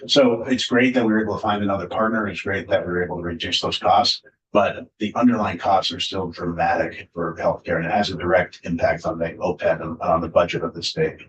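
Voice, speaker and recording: A man, a state official, explaining finances to a legislative committee in a relaxed, hedging way with many fillers. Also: low-pitched, a little fast, highs cut off. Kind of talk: committee testimony. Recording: echoey hearing room, distant mic, faint hiss.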